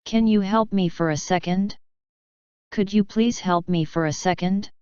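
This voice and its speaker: Woman reading out english phrases for a lesson, super clear voice, slow and careful, dry sound. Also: medium pitch, darkish tone, dry recording, muffled recording. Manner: slow, careful, evenly spaced delivery of short phrases. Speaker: English teacher. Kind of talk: reading example phrases aloud.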